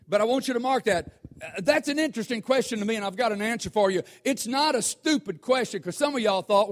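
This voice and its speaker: A high-pitched man delivers a sermon. He is animated and keeps asking the congregation questions, then slows down to stress the scripture. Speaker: preacher.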